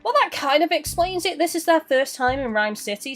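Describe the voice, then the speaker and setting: A woman casually commenting on a game she plays, chatty and quick to laugh and react out loud. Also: sits high, lively intonation, soft background music. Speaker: let's play streamer.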